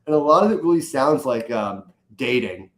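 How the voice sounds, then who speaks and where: A man's voice: medium pitch, moderate pace. Jokey young man in a roomy space. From US East Coast. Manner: animated storyteller, jokey, acts out quotes. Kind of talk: casual chat.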